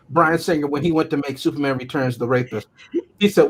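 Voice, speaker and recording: A man's voice: fairly high pitch, animated, moderate pace, slightly rough. A man co-hosting a casual movie review show, talking animatedly, often laughing and acting out quotes. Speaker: podcast co-host.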